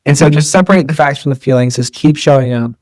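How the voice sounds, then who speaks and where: A man's voice: medium pitch, fast talker, darkish tone, dry recording. Guy rambling thru an interview, lots of ums and restarts, dry sound. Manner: rambling, many fillers and restarts. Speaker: guest entrepreneur. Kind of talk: casual interview talk.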